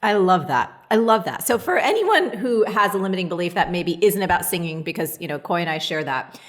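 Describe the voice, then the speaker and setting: A woman's voice: on the low side, lively intonation, fairly quick. A woman hosting an interview, asking her guest questions and encouraging her. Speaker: interview host.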